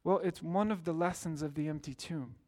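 High-voiced man preaching a sermon. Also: a little fast, darkish tone. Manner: earnest preaching with rising emphatic exclamations. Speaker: pastor.

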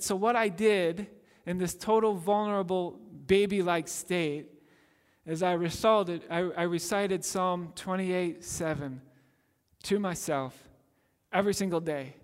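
A man preaching a sermon as pastor, earnest, drawing out key phrases slowly for emphasis. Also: a little high. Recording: long hall reverb.

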